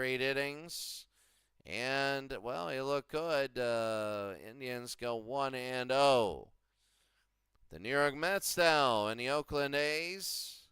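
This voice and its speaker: A man's voice: medium pitch, a bit bright, clean tone, dry recording. A man doing casual play-by-play and recaps of a simulated baseball league, rambling and repeating himself as he goes. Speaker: video game commentator.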